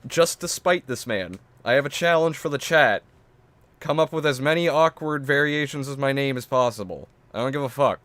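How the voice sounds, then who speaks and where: A man's voice: medium pitch, animated, moderate pace, a bit bright. A man hosting a stream, reacting casually, crude, dismissive and joking. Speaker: streamer host.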